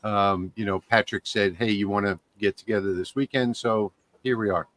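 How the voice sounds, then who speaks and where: A man chatting casually as a guest on a live stream, relaxed and joking. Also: lowish voice, normal speed.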